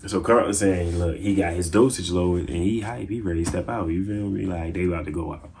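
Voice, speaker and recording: A man recapping TV episodes in a casual, slangy, excitable way, with lots of fillers. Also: low-pitched, a little fast, slight background noise. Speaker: TV show reviewer.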